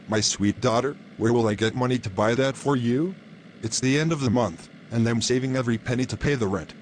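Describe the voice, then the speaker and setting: A man's voice: medium pitch, slight background noise, natural voice. A man playing a sly, scheming tenant. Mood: pleading. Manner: flattering in public, gloating in private. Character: scheming male tenant faking poverty, sly.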